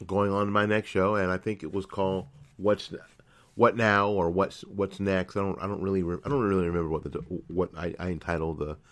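Deep-voiced middle-aged man telling a story. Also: level tone, fairly quick. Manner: storytelling, repeats phrases, self-corrects. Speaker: internet radio show host. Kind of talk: casual monologue. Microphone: studio microphone.

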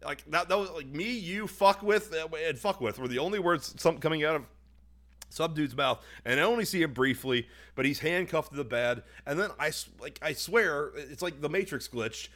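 A young man on a podcast, telling a long story casually, swearing often and putting on quick voices for the people in it. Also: on the high side, expressive, a bit bright. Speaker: podcast co-host. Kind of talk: casual chat.

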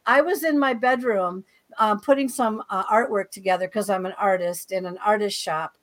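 A woman guest on a talk show, telling her own paranormal experiences in a casual, animated way and often repeating words. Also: medium pitch, moderate pace. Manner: animated, breezy storyteller who repeats words as she goes. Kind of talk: casual storytelling interview.

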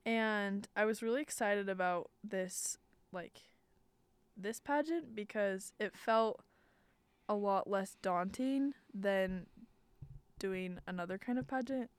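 Chatty young woman, smooth clear voice. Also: medium pitch, slow, no echo. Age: young adult. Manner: chatty, giggly, rambling with many fillers. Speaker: podcast guest. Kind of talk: casual chat.

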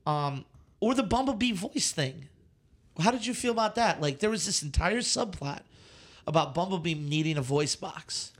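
Male podcast co-host, higher register, animated and exasperated, profane. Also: normal speed. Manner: animated, swears often, exasperated rants. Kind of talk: casual movie chat.

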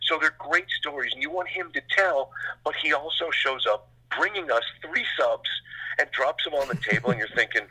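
A middle-aged man, a sports radio host, chatting casually in an interview, rambling through animated stories with quick asides. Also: on the high side, husky, rough recording.

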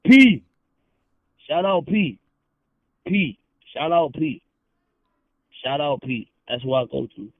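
A man's voice: a little high, expressive, slow, long pauses. A man talking as a podcast guest, heated and confrontational, full of slang and repeating himself. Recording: tinny phone-like sound.

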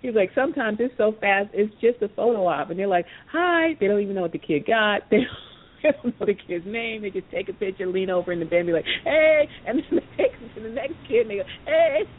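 A woman's voice: quick pace, slightly rough. Woman telling a story over a tinny line. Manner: animated storyteller, acts out quoted voices, many fillers. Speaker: podcast host. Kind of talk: casual storytelling. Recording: tinny phone-line audio with faint rumble.

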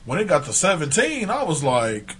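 A man's voice: on the high side, huge pitch swings, moderate pace, fairly bright tone, slight background noise. A man in a casual sports chat, blunt and profane, talking with emphasis.

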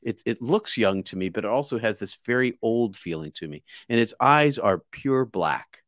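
A man's voice: on the low side, animated, moderate pace, no echo, studio quality. Man from near Boston telling a story. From outside Boston, US. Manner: earnest and vivid, with many repeated words and restarts. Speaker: guest. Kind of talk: casual spoken storytelling.

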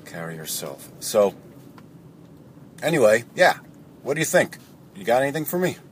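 A man's voice: mid-range voice, sing-song, normal speed, slight background noise. A man calling in with a rambling, casual question, trailing off with fillers. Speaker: caller. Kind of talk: recorded voicemail question.

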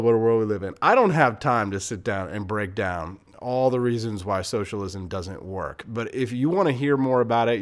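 A man hosting a show, giving opinionated political commentary in a combative, sarcastic way. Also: mid-range voice. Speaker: radio show host.

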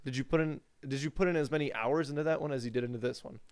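A man co-hosting a casual podcast about fighting games, animated and sarcastic, swearing freely. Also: medium pitch, racing, clear, resonant tone, no room sound. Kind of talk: casual gaming chat.

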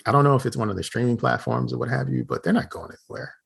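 A man's voice: medium pitch, rapid-fire, vocal fry, husky. A man co-hosting a casual podcast chat over a video call, making wry jokes. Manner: wry, joking commentary. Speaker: podcast co-host.

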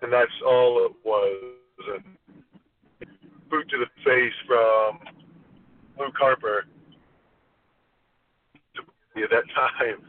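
Rambling former wrestler over a tinny line. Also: male voice, mid-range voice, takes it slowly, long pauses. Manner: rambling, with frequent restarts. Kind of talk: interview storytelling. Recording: tinny phone line with faint hiss.

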